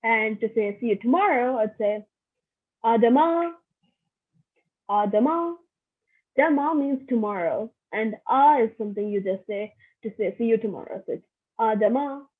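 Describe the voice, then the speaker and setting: A woman's voice: a little high, animated, moderate pace, pauses often. A young woman giving a casual online French lesson, chatty and repeating each phrase for practice. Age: young adult. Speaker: French workshop teacher. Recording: thin phone-like audio.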